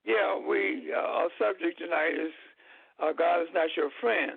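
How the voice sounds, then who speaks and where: A man who is a guest on a call-in show, explaining his views slowly and deliberately, with many halting pauses. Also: high voice, vocal fry, husky, no room sound. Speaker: guest speaker. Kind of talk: lecture-style talk on a call-in show. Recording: tinny, dry phone line.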